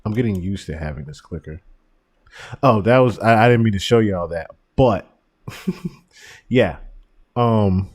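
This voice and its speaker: A man hosting a podcast, giving casual commentary and animated stories, often breaking into laughter. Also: medium pitch. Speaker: podcast host.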